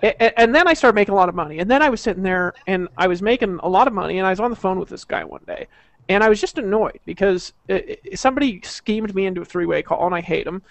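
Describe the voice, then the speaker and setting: A man's voice: high voice, expressive, quick pace, gravelly, a bit bright, no echo. A man casually telling a story in an online group video chat, rambling, profane and full of repeated words and restarts, heard over a video call. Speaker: network marketer telling a story.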